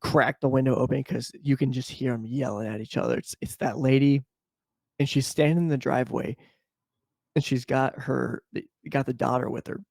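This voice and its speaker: A man co-hosting a casual podcast over a video call, telling stories with lots of laughter and acting out the people in them in high voices. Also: fairly even intonation, moderate pace, creaky, a little mellow, dry recording, studio quality. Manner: laughing storyteller who acts out quoted people in high voices. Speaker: podcast co-host. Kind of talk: casual chat.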